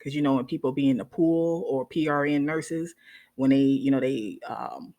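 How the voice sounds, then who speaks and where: A woman, a nurse, telling a story casually to her viewers in an animated way, often checking in with them. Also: rumbling low, moderate pace.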